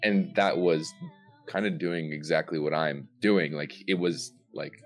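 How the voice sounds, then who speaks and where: A man's voice: rumbling low, fairly even intonation, measured pace, soft background music. A man on a voice call, debating in a blunt, laid-back way and swearing a lot. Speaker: guest content creator. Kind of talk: casual heated debate.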